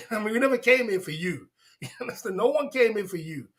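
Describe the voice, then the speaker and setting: A man's voice: high-pitched, lively intonation, a little fast. A man hosting a livestream, tipsy and laughing as he rants in a repetitive, swearing, casual way. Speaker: livestream host. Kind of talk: rambling livestream rant.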